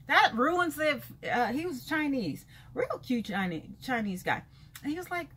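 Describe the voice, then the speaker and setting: High, lively woman ranting frankly. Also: a little slow, slight background noise. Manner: frank, emphatic, repeats phrases for effect. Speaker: vlogger. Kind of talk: casual vlog monologue.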